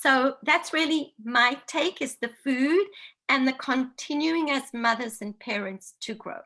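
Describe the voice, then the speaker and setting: Woman co-host, earnest advice, repeats phrases for emphasis, high bright voice with gravelly fry. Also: measured pace. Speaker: podcast co-host. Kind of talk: casual advice chat.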